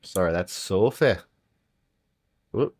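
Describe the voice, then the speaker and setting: With an expressive, darkish voice and a slow pace, this man co-hosts a podcast, rambling casually with lots of fillers. He slips into accent impressions marked by big pitch jumps.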